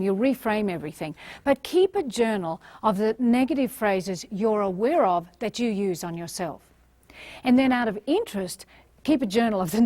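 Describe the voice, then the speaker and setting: A woman's voice: mid-range voice, a little mellow, no echo. A woman from Australia, giving a motivational talk and acting out the voices she quotes. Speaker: motivational speaker.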